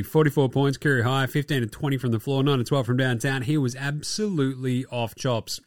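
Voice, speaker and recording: A man's voice: mid-range voice, no room sound, studio quality. Sweary man ranting about basketball. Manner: profane, sarcastic, with mocking put-on quotes. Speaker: podcast host. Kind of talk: ranting sports commentary.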